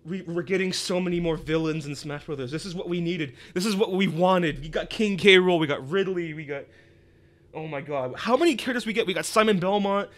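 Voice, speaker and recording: A man hosting a reaction video, excitedly calling out what he sees and shouting in disbelief. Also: high voice, brisk. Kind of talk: excited live reaction commentary. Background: trailer music playing.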